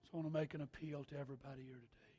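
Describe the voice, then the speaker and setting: A man preaching an altar call sermon, reading scripture and building to shouted, sing-song appeals. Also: fairly high pitch, flat delivery, racing, soft background music. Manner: reads scripture in King James wording.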